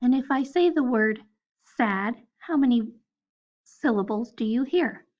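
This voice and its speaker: A woman's voice: a little high, highs cut off. A woman teaching a phonics lesson to first graders, patiently spelling out letters one at a time. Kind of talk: recorded phonics lesson for children.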